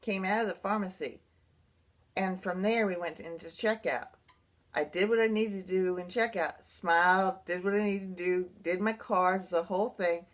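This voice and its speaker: A woman's voice: fairly low pitch, moderate pace. A woman, earnestly telling a rambling personal story to her viewers. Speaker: blogger sharing personal experience. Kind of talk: casual personal storytelling to camera.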